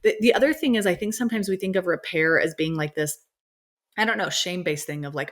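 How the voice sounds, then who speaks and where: Woman guest author, mid-pitched, earnest and explanatory, casual interview tone. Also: lively intonation, a little fast, fairly bright tone.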